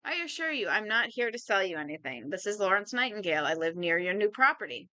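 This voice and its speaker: Woman doing a polite formal young husband, anxious, apologetic, animated pitch. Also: fast.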